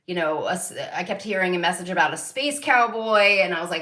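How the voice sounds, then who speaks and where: A woman's voice: medium pitch, brisk, hardly any pauses, bright, forceful tone, roomy sound. A woman hosting her own psychic channel, rambling through a personal story with lots of fillers and the odd swear word, getting emotional and near tears. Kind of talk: casual spiritual monologue to viewers.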